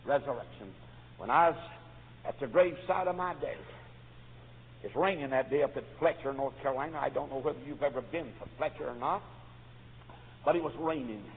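A preacher delivering a revival sermon, swinging from hushed storytelling to loud fervent shouts. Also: male voice, mid-range voice, fairly quick, long pauses. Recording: tinny lo-fi recording in a reverberant church.

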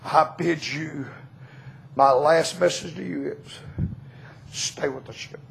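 A man preaching a revival sermon in a church, telling stories and rising into shouts. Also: fairly high pitch, steady tone, takes it slowly, creaky. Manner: storytelling, bursts into shouting.

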